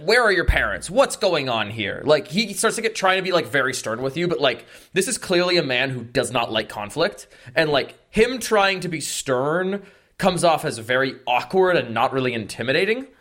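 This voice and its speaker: Bright casual guy running the game, kinda high voice, says like a lot. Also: moderate pace. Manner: lively, casual, with frequent "like". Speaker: game master. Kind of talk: narrating a tabletop game.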